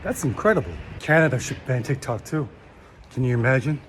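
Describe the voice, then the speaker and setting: A man's voice: medium pitch, lively intonation, brisk, a little hiss or hum. A man giving a playful, wry social media monologue. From China. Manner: wry, playful, building to loud cheers.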